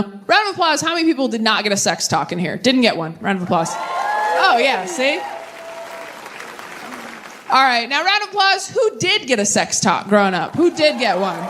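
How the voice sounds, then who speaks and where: A young woman doing a stand-up set with crowd work, chatty and animated, drifting into tangents and catching herself. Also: medium pitch, a little hiss or hum. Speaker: stand-up comedian. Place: comedy stage before a live audience. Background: audience laughter.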